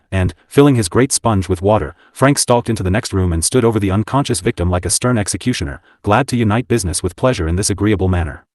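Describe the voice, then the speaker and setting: A man narrating a classic novel as an audiobook, in even, unhurried storytelling. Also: fairly low pitch, no room sound, studio quality.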